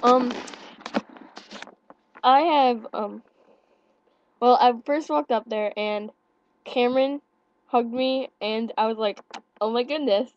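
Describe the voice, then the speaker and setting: A young woman telling her part of a concert story beside a friend, a little awkward and soft-spoken. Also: on the high side, takes it slowly, long pauses, slight background noise. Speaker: friend of the vlogger. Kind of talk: casual storytelling. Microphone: webcam. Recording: dry, lo-fi webcam audio.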